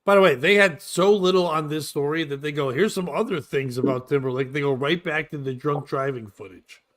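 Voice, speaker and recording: Man, forties, high-pitched, podcast host, crude animated rant. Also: brisk. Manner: profane, loud, animated ranting.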